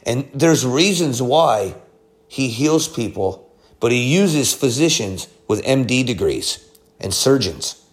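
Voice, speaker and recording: A man preaching a sermon and telling a personal testimony, with bursts of loudness, quiet asides and frequent repeated words. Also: mid-range voice, slow pace. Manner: animated storytelling, swinging between loud bursts and quiet asides; repeats words and restarts phrases.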